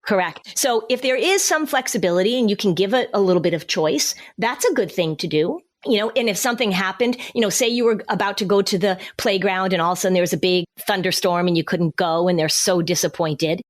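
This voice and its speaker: A woman's voice: mid-range voice, fairly quick, few pauses. Woman explaining parenting advice on a podcast. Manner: explanatory, acts out parent and child lines. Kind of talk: advice-giving podcast conversation.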